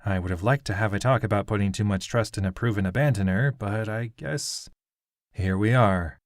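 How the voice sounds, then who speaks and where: A man's voice: on the low side, measured pace, a little mellow, dry recording, studio quality, close to an everyday voice. A man voicing a sceptical male companion who mutters his complaints. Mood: grumbling.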